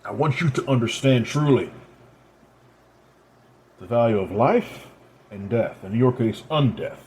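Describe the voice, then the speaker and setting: A man voicing a stern, ancient father who solemnly lectures his disobedient daughter in a measured, grave manner, speaking a little higher and louder than his narration. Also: a little hiss or hum, lightly acted.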